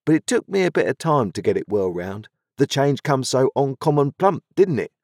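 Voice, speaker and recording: A man's voice: medium pitch, very animated, measured pace, gravelly, a little mellow, dry recording, clean studio sound, voice pushed up. A man voicing a kindly, simple village blacksmith who talks in a homely rustic dialect. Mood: fond.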